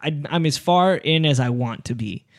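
A man's voice: a little high, expressive, normal speed, no room sound, studio quality. A man hosting a podcast, telling a story in a rambling, casual way with frequent swearing. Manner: rambling, restarts, swears often. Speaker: podcast host.

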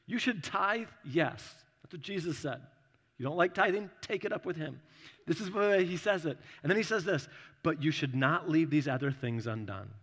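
A man's voice: a little high, animated, normal speed, fairly bright tone. A man preaching a sermon as a pastor, conversational, acting out little voices as he tells his stories. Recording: long hall reverb.

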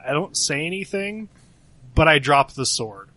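A man's voice: on the high side, lively intonation, measured pace, bright, forceful tone, dry recording, low-quality recording. A man playing in a tabletop game, describing his character in a rambling way full of fillers. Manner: rambling, filler-heavy with many likes. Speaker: player.

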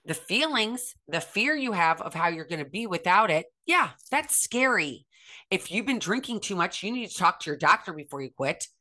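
A woman's voice: fairly low pitch, sing-song, moderate pace, bright, forceful tone. A middle-aged woman from the United States giving an impassioned motivational talk, earnest and emphatic, repeating phrases for stress. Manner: acts out others' voices in quoted speech. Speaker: speaker on recovery and self-acceptance.

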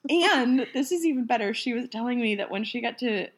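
A woman's voice: fairly high pitch, lively intonation, fairly quick. Giggly, chatty young woman. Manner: giggly storytelling, many "like"s. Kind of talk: casual chat.

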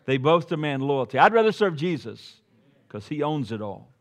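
A man's voice: a little high, sing-song, normal speed. Middle-aged male pastor preaching with rising fervor. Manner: conversational preaching that swells to loud emphatic peaks, with joking asides. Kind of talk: sermon. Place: church sanctuary before a congregation.

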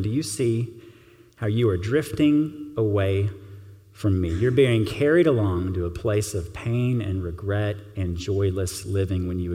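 Male pastor, low voice, earnest and gentle sermon delivery, reverberant hall sound.

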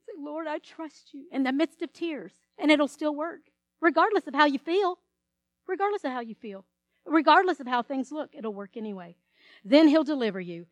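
A woman's voice: high voice, no echo. A woman pastor preaching a sermon, reading scripture with emphasis and acting out quoted voices.

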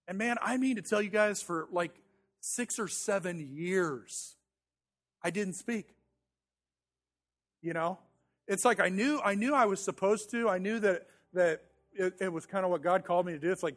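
A pastor in his thirties delivers a sermon in a relaxed, conversational way. His voice sits high for a man. He tells a story about himself with self-deprecating humor, often restarting and repeating words. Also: moderate pace, long pauses.

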